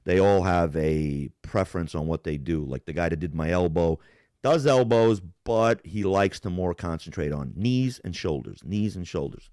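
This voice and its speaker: A man's voice: deep voice, animated, moderate pace, warm tone, dry recording, studio quality. A young man on a live stream telling a long, profane story in a casual, rambling way. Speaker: podcast co-host.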